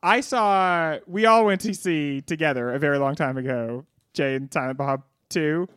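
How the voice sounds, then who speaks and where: A man's voice: fairly high pitch, normal speed, fairly bright tone, clear, resonant tone, dry recording, clean studio sound. A man co-hosting a casual movie podcast, joking and acting out quotes. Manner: jokey, acts out quotes. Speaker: podcast co-host.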